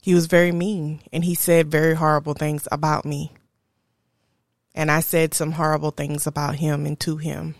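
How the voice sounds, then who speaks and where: A young adult woman, telling a personal story in a slow, reflective and candid way as a podcast host. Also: low-pitched, level tone, no echo, clean studio sound. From Houston, Texas area. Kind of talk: personal monologue.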